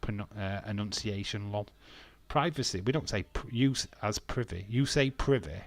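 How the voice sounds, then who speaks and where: A British man from England hosts a casual live watch-along, bantering, reading chat comments aloud and laughing often. He speaks in British English with a lowish voice at a moderate pace.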